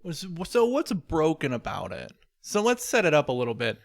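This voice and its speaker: A man's voice: fairly high pitch, wildly swooping pitch, moderate pace, creaky, no echo. A man co-hosting a podcast, making joking asides in a casual chat about a video game. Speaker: podcast co-host.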